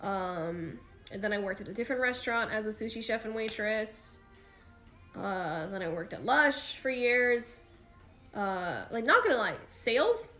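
High-voiced chatty woman streaming to fans. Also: a bit bright. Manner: chatty, rambling, slangy with frequent fillers. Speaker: idol livestream host. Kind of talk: casual livestream chat with fans.

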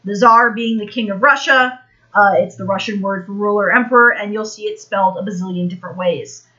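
A woman's voice: medium pitch, brisk, pushed and bright, lo-fi sound. An American woman giving a casual, rambling history lesson on a live stream, full of fillers and restarts. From United States.

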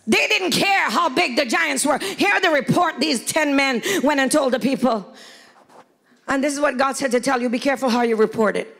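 A woman pastor delivering a lively sermon in a church. Her voice sits high and carries a gravelly edge. She shouts her points and slips into playful impressions of the people she quotes. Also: normal speed. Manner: preaching, often shouting, acts out quoted voices with humor. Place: church hall before a congregation.

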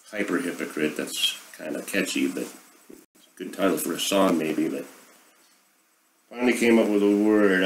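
A man's voice: deep voice, vocal fry, slight background noise, poor audio. A middle-aged man hosting a casual monologue, rambling and sarcastic as he airs his opinions. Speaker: podcast host.

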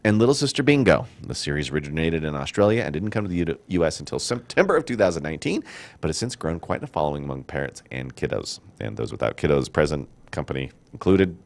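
A middle-aged man hosting a casual studio chat, joking and rambling in an animated way. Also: very deep voice, quick pace, creaky. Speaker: show host.

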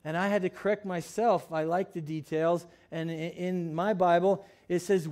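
A man's voice: sits high, fairly even intonation, moderate pace, hardly any pauses, a little mellow. A male pastor preaching a sermon, reading scripture aloud and then explaining it in a plain, conversational way with frequent fillers and restarts. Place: church sanctuary.

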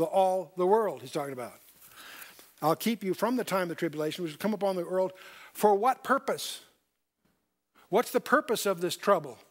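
Emphatic high-voiced older man teaching. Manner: emphatic, repeats key points, asks the audience questions. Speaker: Bible teacher. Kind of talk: verse-by-verse Bible teaching.

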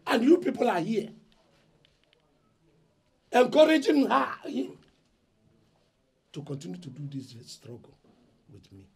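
An actor with a Nigerian accent playing an indignant eldest brother who loudly lectures his family about his inheritance rights. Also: mid-range voice, animated, moderate pace, husky. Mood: angry. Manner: loud, agitated, lecturing. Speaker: eldest son in a family dispute. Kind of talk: Nollywood film acting.

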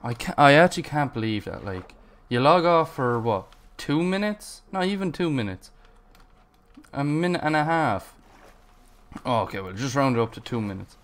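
A man's voice: mid-range voice, big pitch swings, moderate pace, a bit bright. A man narrating his Minecraft gameplay, frustrated and swearing as he rambles to himself. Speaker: gaming channel host.

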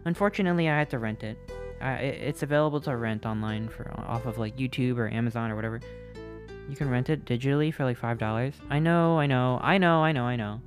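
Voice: mid-range voice, fast, music in the background. Chatty, rambling live streamer. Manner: chatty, rambling and playful, with frequent restarts. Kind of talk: casual live-stream chat with viewers.

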